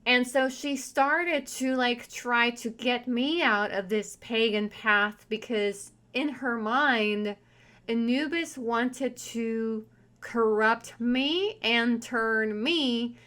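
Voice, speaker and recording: A woman's voice: fairly high pitch, slow pace, a bit bright. A woman vlogger telling a personal story in a chatty, candid and wry way. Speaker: spiritual vlogger and tarot reader. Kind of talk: casual storytelling monologue.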